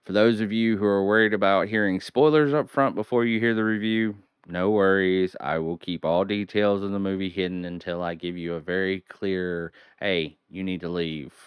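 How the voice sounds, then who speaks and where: A man's voice: low-pitched, steady tone, moderate pace, few pauses, clear, resonant tone, no room sound, highs cut off. A young man hosting a horror movie review from home, hamming it up as a spooky showman between rambling, casual asides. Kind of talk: theatrical solo video review. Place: home at night.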